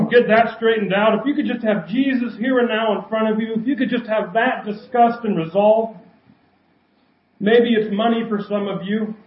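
A man preaching a sermon as pastor. He keeps putting rhetorical questions to the congregation. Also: high-pitched. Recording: roomy, dull sound.

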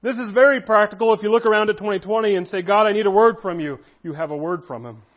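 A pastor with a high voice preaches a sermon at a quick pace, earnest and emphatic, stretching out key phrases. The recording is somewhat dull and lo-fi.

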